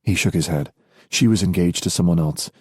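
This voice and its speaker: A man narrating a romance audiobook in a measured storytelling voice. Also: low-pitched, a little mellow, breathy edge, no room sound, studio quality. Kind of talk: scripted narration.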